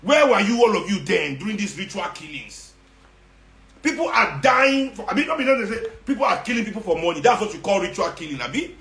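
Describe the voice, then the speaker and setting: Speaking to his followers, this Nigerian-accented activist delivers a sarcastic, confrontational monologue, repeating himself for emphasis and sliding into Nigerian Pidgin. His voice sits fairly high and a bit bright, swinging widely in pitch at a slightly quick clip. It echoes around a spacious room.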